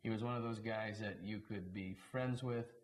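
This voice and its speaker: A man, a former baseball broadcaster, telling anecdotes in a relaxed storytelling way. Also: on the low side, moderate pace, poor audio. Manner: relaxed raconteur, briefly mimics others in quotes.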